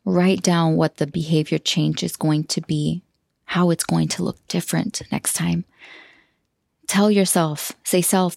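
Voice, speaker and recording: Female podcast host, low gravelly voice, effusive and heartfelt, dry close mic. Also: steady tone, a little slow, no room sound. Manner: warm, effusive, emotional, laughs often. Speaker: podcast host and self-love coach.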